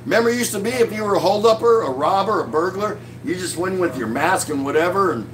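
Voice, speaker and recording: A man's voice: sits high, lively intonation, quick pace, fairly bright tone, slight background noise. A man in his sixties hosting a casual live stream from his couch at home, reading viewer comments aloud and joking with a chuckle. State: drinking beer while talking.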